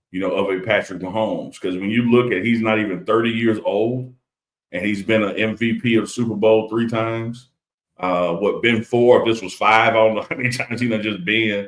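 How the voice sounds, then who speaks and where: A middle-aged man co-hosting a live stream from home, chatting casually about sports with laid-back, teasing banter. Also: on the low side. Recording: roomy home room sound.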